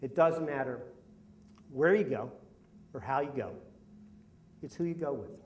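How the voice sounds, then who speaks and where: Heard from afar in a roomy hall, a middle-aged man at a live story slam venue grumbles his way through a comic story at his own expense. His mid-range voice is expressive and darkish, and he speaks a little slowly, with slight background noise present.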